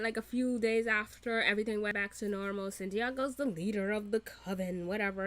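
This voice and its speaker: A woman's voice: mid-range voice, steady tone, fairly bright tone, no echo. A woman hosting a reaction video, ranting in an exasperated, profane way with lots of fillers and laughter. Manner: many "like" fillers, restarts and quick rants. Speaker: reaction channel host. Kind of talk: reaction commentary.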